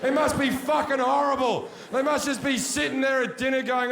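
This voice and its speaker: Crude stand-up comic, a man with a high-ish voice, taped live in an echoey venue with audience noise. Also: fairly even intonation, normal speed, creaky, a bit bright. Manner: brash, crude, mocking punchlines. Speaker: stand-up comedian. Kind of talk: stand-up comedy set. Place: large theater with audience.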